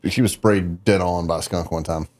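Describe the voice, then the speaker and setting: Low-voiced man giving practical tips. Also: fairly even intonation, normal speed, a little mellow. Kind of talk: casual chat.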